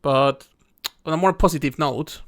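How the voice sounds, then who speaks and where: A man from Mexico co-hosting a podcast in relaxed, frank and slangy casual chat. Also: on the high side, moderate pace. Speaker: podcast co-host.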